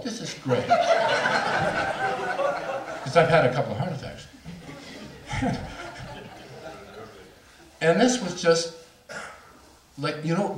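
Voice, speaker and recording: A man's voice: mid-range voice, slight background noise. Middle-aged guy telling his story to a crowd, jokey about himself, echoey room, mic kinda far. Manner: candid, self-mocking, laughs through the story. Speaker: speaker. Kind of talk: storytelling talk to an audience. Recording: roomy hall, voice from far off.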